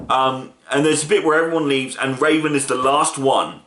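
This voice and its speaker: A man's voice: medium pitch, fairly even intonation, moderate pace, hardly any pauses, a bit bright. A man casually reviewing a film, retelling the plot with enthusiastic, rambling energy. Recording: roomy echo.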